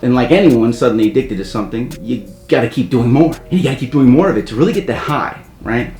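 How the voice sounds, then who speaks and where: A man casually telling a story from his own life, rambling with wry asides and loudly acting out the voices of the people in it. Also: mid-range voice, lively intonation, fast. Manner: rambling, wry asides, loud acted quotes. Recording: echoey room, faint music.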